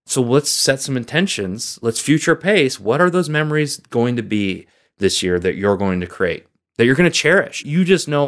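A man's voice: medium pitch, moderate pace, hardly any pauses. A man hosting a motivational podcast as a coach, talking earnestly and encouragingly straight to his listeners. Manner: earnest, encouraging, lively emphasis.

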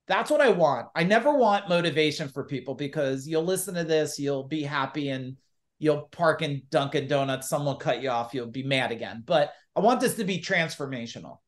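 Middle-aged man, business coach, punchy animated storyteller. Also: a little high. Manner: animated, emphatic, acts out quoted dialogue. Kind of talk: podcast interview storytelling.

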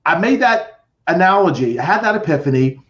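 A man's voice: high voice, sing-song, brisk, a bit bright. A middle-aged man telling his personal story with drama as a podcast guest, acting out voices and counting down. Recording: roomy, dull lo-fi sound.

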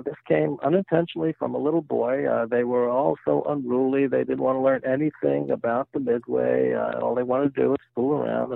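A man's voice: mid-range voice, gravelly, no echo. An older retired man telling jokes and stories in a chatty interview. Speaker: guest, retired volunteer museum-ship guide. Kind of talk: casual interview storytelling. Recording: tinny phone-like line, dry.

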